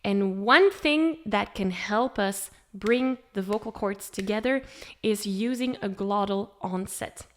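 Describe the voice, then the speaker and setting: A woman's voice: medium pitch, slow. A woman teaching a spoken singing lesson, friendly and encouraging, laughing now and then. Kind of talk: spoken vocal lesson with sung demonstrations.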